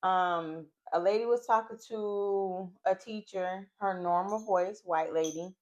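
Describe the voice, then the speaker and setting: A woman's voice: mid-range voice, unhurried, darkish tone. A woman co-hosting a podcast in casual chat, speaking bluntly and outspokenly. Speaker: podcast co-host.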